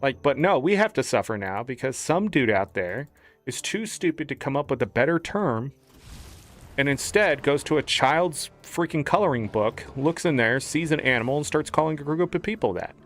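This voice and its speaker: A man's voice: mid-range voice, lively intonation, normal speed, soft background music. A man streaming a game, ranting in a profane, exasperated way.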